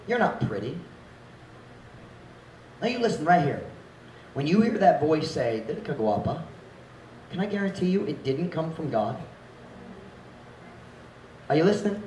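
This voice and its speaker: A man preaching in a church hall, his slightly high voice carrying through a roomy, echoing space. He sounds a little distant from the mic, with faint room noise underneath. He swings from shouted exhortation to quiet earnestness, dropping in Visayan phrases. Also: big pitch swings, normal speed, long pauses. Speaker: pastor. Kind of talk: sermon.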